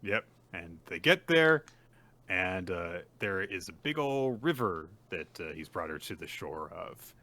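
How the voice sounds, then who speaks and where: A man with a low but bright, forward voice talks through a manga chapter on a podcast. He retells the scenes loosely, with lots of fillers, and slips into character lines as he goes. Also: animated, unhurried, few pauses. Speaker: podcast co-host. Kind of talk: casual chat recapping a manga chapter.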